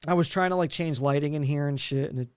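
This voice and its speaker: A man's voice: fairly high pitch, quick pace, clean tone, dry recording, studio quality. A man co-hosting a podcast in casual chat, joking and self-deprecating, swearing casually. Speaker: podcast co-host.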